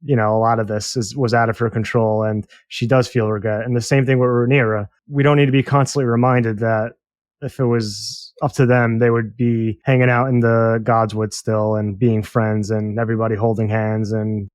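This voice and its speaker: A man co-hosting a podcast, talking through a TV episode in a thoughtful, measured casual chat. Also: fairly low pitch, level tone, a little mellow, dry recording, clean studio sound. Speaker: podcast co-host.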